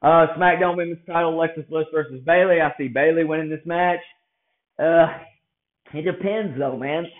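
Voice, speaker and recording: A man's voice: fairly high pitch, steady tone, normal speed. A man giving blunt, rambling wrestling predictions in a casual monologue, often restarting his sentences. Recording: tinny phone-like audio.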